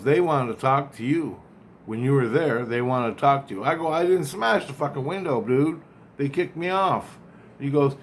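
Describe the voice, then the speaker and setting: A man casually retelling a dream, rambling and acting out both sides of the conversation, often halting and repeating words. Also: medium pitch, a little hiss or hum.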